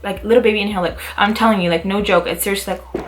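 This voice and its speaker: A young adult woman vlogger telling a casual storytime, talking in quick bursts full of "like" and acting out what people said. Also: mid-range voice, slight background noise. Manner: animated, full of "like" fillers, acts out quotes. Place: Utah, United States.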